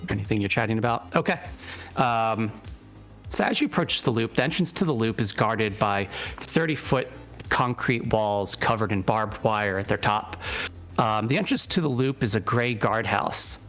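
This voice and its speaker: Male game master, low voice, descriptive and easygoing. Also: a bit bright, soft background music. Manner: descriptive, unhurried, with friendly rulings. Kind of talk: narrating a tabletop game.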